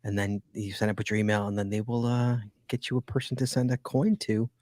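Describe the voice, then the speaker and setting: A man's voice: fairly low pitch, fairly even intonation, fairly quick, a little mellow, no room sound, clean studio sound. A man hosting a casual podcast, teasing his co-hosts and rambling with fillers. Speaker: podcast host.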